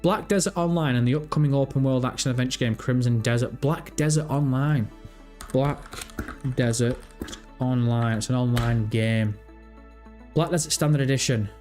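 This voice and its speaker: A man's voice: mid-range voice, fairly quick, a little mellow, soft background music. Rambling man chatting on stream. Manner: rambling, thinks aloud, reads chat and search results. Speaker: gaming livestream host. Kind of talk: casual livestream chat.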